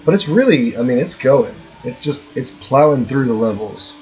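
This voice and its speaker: A man's voice: mid-range voice, animated, normal speed, a little mellow, rough recording. Rambling, joking male game streamer. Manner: rambling, profane, joking asides. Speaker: streamer playing a strategy game. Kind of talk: casual let's-play commentary.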